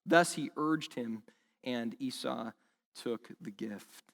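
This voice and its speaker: A man preaching a sermon as pastor, animated and acting out the lines he quotes. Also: mid-range voice, takes it slowly, creaky. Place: church service in a school hall. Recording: long hall reverb.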